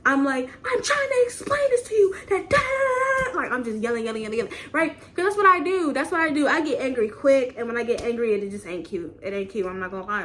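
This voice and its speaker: A young woman telling a story casually at home, animated and profane, repeating phrases for emphasis. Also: a little high, slight background noise. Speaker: vlogger. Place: home, indoors.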